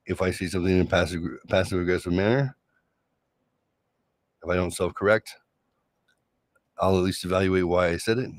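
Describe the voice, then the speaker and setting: A middle-aged man hosting a solo late-night show, talking through love and conflict in a sarcastic, reflective way with many halting restarts. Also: sits low, dry recording. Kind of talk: late-night personal monologue.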